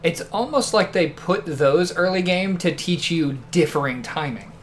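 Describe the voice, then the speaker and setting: Relaxed man chatting about a game. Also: a little high, measured pace, a little hiss or hum. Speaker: co-host watching the play. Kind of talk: let's play commentary.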